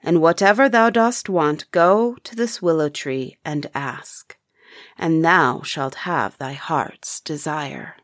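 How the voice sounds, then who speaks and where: Storybook figure: a soothing magic heifer, low, slow and soft, as a woman narrator voices it. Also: no echo, clean studio sound. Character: gentle magical talking heifer, female.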